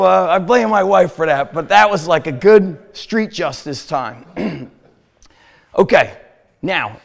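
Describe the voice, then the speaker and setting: Jersey guy, kinda high voice, rough and gravelly, swears a lot, animated storytelling. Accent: New Jersey. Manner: animated, profane, laughing. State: sick, throat sore. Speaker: gym owner telling a story. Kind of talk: casual storytelling.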